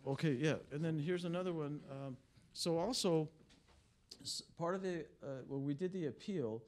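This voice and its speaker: A man's voice: fairly high pitch, moderate pace, a little mellow. A man who is an immigration attorney, briefing reporters in a conversational storytelling way, full of fillers and restarts. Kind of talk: press briefing talk. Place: press club briefing room.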